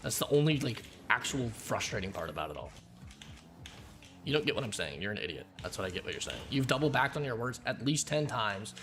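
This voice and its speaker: A man's voice: fairly low pitch, sing-song, fairly quick, a bit bright. Angry, profane man streamer ranting. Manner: lectures in a hammering, repetitive way. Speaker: game streamer. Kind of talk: heated rant at a chat viewer.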